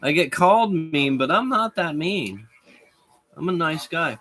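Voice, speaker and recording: A man's voice: fairly high pitch, lively intonation, unhurried, sharp tone, dry recording. Rambling man chatting on a stream. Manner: rambling, chats with viewers, laughs often. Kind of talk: casual live-stream chat.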